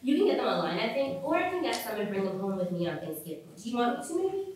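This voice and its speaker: A chatty teenage girl rambles on, peppering her talk with "like" and acting out what others said, as an actress plays her on stage. Her voice sits fairly high. It rings through an echoey hall, picked up from a distance. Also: sing-song, fast talker, darkish tone, slight background noise. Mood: gossipy. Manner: rambling with constant "like", quoting others. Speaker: actor in a staged reading. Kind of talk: stage monologue, teen girl gossip. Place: theatre stage.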